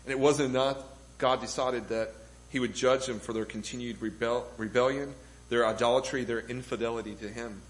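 A man's voice: mid-range voice, fairly even intonation, brisk, rough recording. A man preaching a sermon to a congregation, building emphasis with rhetorical questions. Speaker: pastor. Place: church room with congregation.

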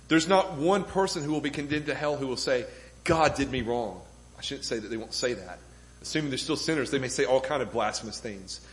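In a church room full of worshippers, a male pastor delivers a sermon, using rhetorical questions to build emphasis. He speaks with a fairly high pitch, captured on a rough recording.

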